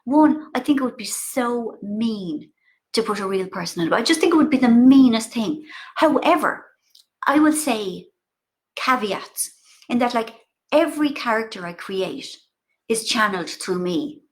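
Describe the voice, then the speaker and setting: A middle-aged Irish woman talks over a video call with a lively, animated delivery. Her voice sits a little high and swoops a lot. She keeps things casual and full of playful asides. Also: a little slow. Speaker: author guest.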